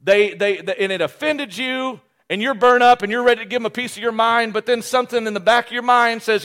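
Bright, high-voiced preacher man. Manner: animated, joking, self-deprecating, with quick restarts. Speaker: pastor. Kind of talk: sermon.

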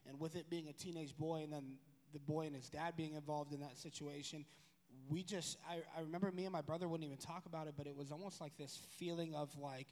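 A man telling a personal story in a casual, rambling way, correcting himself and growing animated. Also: fairly high pitch, quick pace. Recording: long room reverb.

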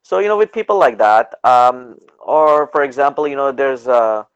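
A man from Canada, a podcast guest, telling stories in a casual, animated way and acting out the people he quotes. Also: medium pitch, normal speed, clear, resonant tone. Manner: animated, acts out dialogue in quoted voices, laughs often. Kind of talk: casual storytelling in a podcast interview. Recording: dull lo-fi podcast audio.

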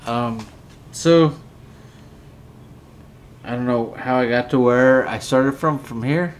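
A man's voice: medium pitch, takes it slowly, slight background noise. A drunk man hosting a podcast, rambling and swearing as he bickers with a co-host. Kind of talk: casual drunken rant.

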